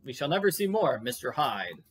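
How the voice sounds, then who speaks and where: A man reading the part of a brisk Victorian gentleman in a storybook reading. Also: mid-range voice, big pitch swings, breathy edge.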